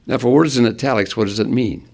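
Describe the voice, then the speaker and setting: A man's voice: mid-range voice, racing, a little mellow. A man preaching an expository sermon, asking his listeners rhetorical questions as he works through a Bible passage.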